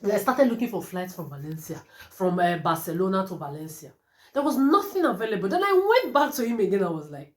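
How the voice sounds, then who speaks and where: A woman's voice: mid-range voice, sing-song, fairly quick. A woman delivering a defiant, profane rant to camera. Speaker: vlogger. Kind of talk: angry monologue to camera. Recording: roomy echo.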